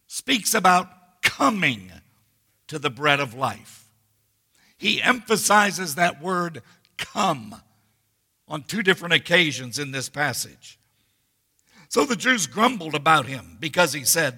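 A man preaching a sermon as pastor, teaching verse by verse with slow, deliberate emphasis. His voice is bright and somewhat husky. A long reverb from a large hall trails behind him. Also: a little high. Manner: expository preaching, slow and emphatic with scripture readings.

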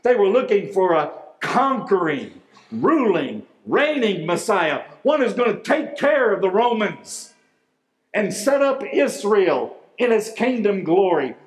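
A man, a pastor, preaching a sermon in a deliberate, emphatic way, drawing out key words. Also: sits high, big pitch swings. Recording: echoey room.

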